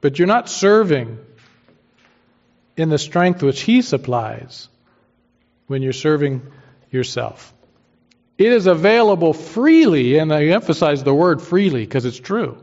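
A man's voice: fairly high pitch, animated, unhurried, pauses often, a little mellow. A man preaching a sermon as pastor, emphatic and using homely everyday analogies. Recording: dull lo-fi sermon recording.

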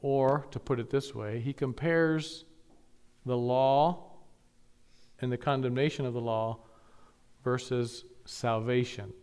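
A male pastor preaching a sermon, building to emphatic peaks and dropping to quiet asides. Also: mid-range voice, steady tone, slow, pauses often, clear, resonant tone.

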